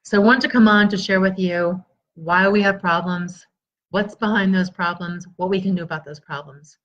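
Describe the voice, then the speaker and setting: Energetic woman coaching a live stream. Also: on the low side, normal speed, lo-fi sound. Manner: energetic, coaching, greets viewers by name. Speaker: stress relief coach. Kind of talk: live-stream talk to viewers.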